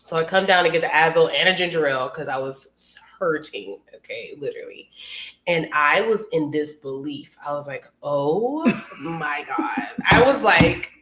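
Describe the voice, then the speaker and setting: A woman's voice: lowish voice, expressive, normal speed, fairly bright tone. A young woman co-hosting a podcast, telling stories animatedly with frequent laughter and swearing. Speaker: podcast co-host. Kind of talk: casual chat. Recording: echoey room.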